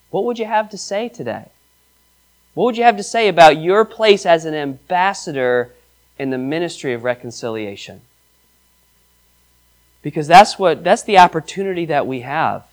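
A male pastor delivering a sermon with emphatic, rising delivery. His voice sits a little higher than most men's. He reads scripture aloud and turns to the congregation with questions. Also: lively intonation, normal speed.

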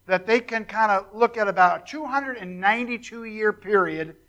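An older male pastor preaches in a relaxed, conversational way. He tells folksy stories and jokes with his listeners. His voice sits high and sounds bright and ringing. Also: moderate pace, low-quality recording. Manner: folksy storytelling with joking asides and fillers. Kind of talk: informal sermon to a congregation.

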